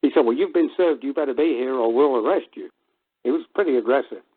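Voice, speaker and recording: A man's voice: mid-range voice, fast talker, husky. Chuckling man telling a story over the phone. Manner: animated retelling with chuckles and acted-out quotes. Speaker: caller. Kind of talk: casual storytelling on a call-in show. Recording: tinny phone line.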